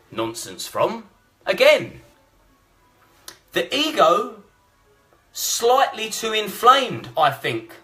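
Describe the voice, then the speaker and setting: A man's voice: sits high, sing-song, slow pace, bright, forceful tone, soft background music. A blunt, combative man, ranting and swearing through live-stream commentary. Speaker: vlogger.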